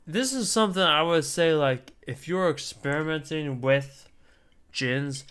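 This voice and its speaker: A man's voice: a little high, unhurried, a bit bright, clean tone. Chatty, rambling man streamer. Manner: rambling, chatty, with asides and mild swearing. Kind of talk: casual live-stream chat.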